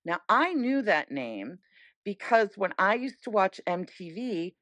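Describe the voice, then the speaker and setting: Animated middle-aged woman telling a story. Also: medium pitch, measured pace, no echo. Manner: animated, acts out quoted voices. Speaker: podcast guest. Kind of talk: casual storytelling chat.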